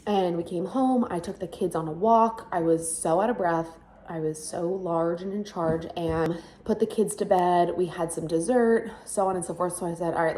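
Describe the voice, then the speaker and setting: A woman in her thirties telling a personal story in a chatty, animated way, laughing, swearing and acting out what people said. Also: on the low side, slight background noise. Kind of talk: casual storytelling.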